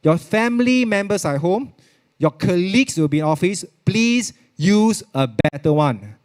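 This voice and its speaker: A man's voice: sits high, lively intonation, unhurried, a little mellow. A man with a Singaporean English accent giving a chatty live product demo, repeating himself and slipping into Mandarin. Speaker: product presenter at a virtual expo.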